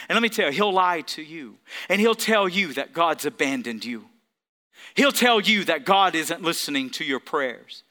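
A man's voice: a little high, expressive, moderate pace, bright, forceful tone. A man preaching a sermon, emphatic, calling out to the congregation for responses. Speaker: pastor.

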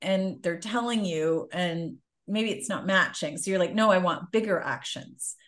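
A woman's voice: lowish voice, measured pace. A woman life coach giving a spiritual reading in conversation, explaining things patiently and reflectively.

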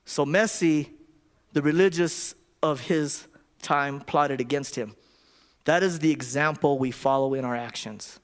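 Man preaching a casual, halting sermon. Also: fairly high pitch, smooth. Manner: conversational preaching with repetitions and restarts.

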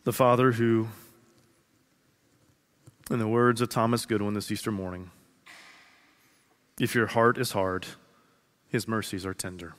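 A man's voice: on the low side, fairly even intonation. Earnest man preaching in an echoing hall. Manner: earnest, repeats phrases slowly for emphasis, swings from loud to hushed. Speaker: pastor. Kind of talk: sermon. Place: large church sanctuary. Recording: long reverb of a large hall.

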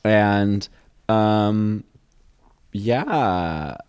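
A man in his twenties co-hosting a podcast, telling stories in a casual, animated way and acting out voices. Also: lowish voice, extremely slow, smooth, no echo. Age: 20s. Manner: animated storyteller, acts out voices, laughs often. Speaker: podcast co-host. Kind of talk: casual chat.

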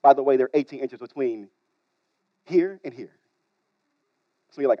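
A man preaching a sermon as pastor, talking straight to the congregation, swinging between loud emphasis and quiet asides. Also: a little high, big pitch swings, normal speed, long pauses, dry recording, dull audio. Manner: repeats words, talks straight to the congregation.

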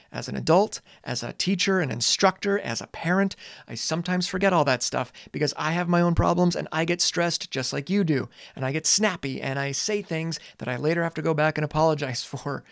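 Man, 40s, earnest teacher-dad monologue, lightly raised pitch, dry close mic, casual cursing. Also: vocal fry, no room sound. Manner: earnest, conversational, swears casually, dramatic pauses. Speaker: teacher and parent. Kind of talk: reflective monologue.

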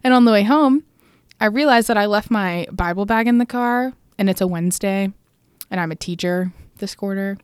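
A woman's voice: medium pitch, moderate pace, clean tone, no room sound, clean studio sound. Laughing woman telling a story. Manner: animated, laughs often, acts out quotes. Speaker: podcast co-host. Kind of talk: casual chat, storytelling.

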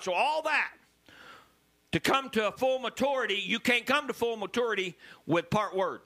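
A man preaching a sermon as pastor, animated and bursting into loud emphasis. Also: sits high, moderate pace.

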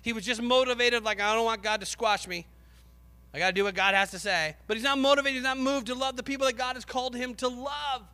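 A man preaching a sermon with passion, rising to shouts and acting out the voices of biblical figures. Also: very high-pitched, fast, long reverb tail.

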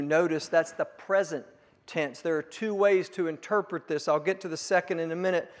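A man with a high voice preaches a sermon in a church sanctuary, speaking slowly and deliberately. He stacks repeated phrases that build to forceful peaks. The sound rings with the long reverb of a large hall. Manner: building emphatic repetition, rising to forceful peaks. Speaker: pastor.

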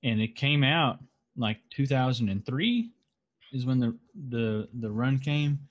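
A man's voice: mid-range voice, expressive, unhurried, highs cut off. A man in casual podcast chat about comics, talking in a loose, rambling way full of restarts. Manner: rambling, lots of fillers and restarts. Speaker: podcast co-host.

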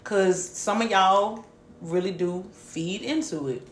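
A woman's voice: medium pitch, takes it slowly, roomy sound, a little hiss or hum. A woman co-hosting a podcast, speaking bluntly and outspokenly in casual chat. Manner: blunt, outspoken, laughs often. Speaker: podcast co-host.

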